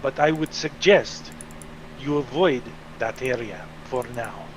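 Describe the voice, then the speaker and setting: Man playing a quiet, formal official. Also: mid-range voice, animated, slow, slight background noise, low-quality recording. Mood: reassuring.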